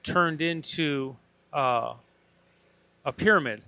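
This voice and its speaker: A young man, a podcast guest and breathwork facilitator, telling a deeply personal story in a casual interview, earnest and swearing now and then. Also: slow, creaky, sharp tone, dry recording. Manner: earnest, swears casually, acts out his own inner voice.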